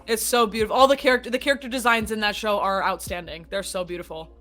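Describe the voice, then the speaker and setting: A young woman voice actress chatting as a podcast guest, animated and quick to laugh. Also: mid-range voice, slight background noise. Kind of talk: casual podcast interview.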